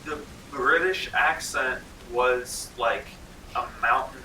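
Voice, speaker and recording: A man's voice: mid-range voice, takes it slowly, sharp tone, a little hiss or hum. A man from North Carolina running a tabletop game as game master, chatting loosely with many fillers. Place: library room. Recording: roomy library room, mic far off.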